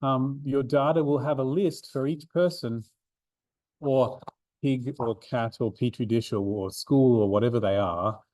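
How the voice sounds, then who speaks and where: Mellow man explaining statistics. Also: medium pitch, unhurried, no echo. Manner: explains step by step with fillers and repeats. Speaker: maths learning centre coordinator. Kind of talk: recorded revision seminar. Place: room, drawing notes for an overhead camera.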